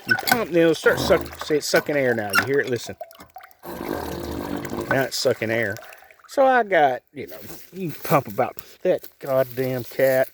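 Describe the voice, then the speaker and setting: Regular guy rambling on about his yard projects, folksy, mid pitch, bit of faint noise. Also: very animated, normal speed. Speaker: homeowner showing his projects. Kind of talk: casual rambling vlog narration.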